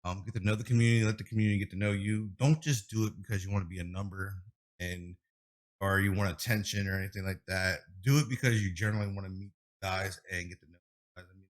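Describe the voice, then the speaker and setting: A man's voice: low-pitched, fast talker. A man in his thirties, a streamer guest on a podcast, telling long, rambling stories in casual chat with lots of fillers. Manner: rambling, animated storytelling with many fillers.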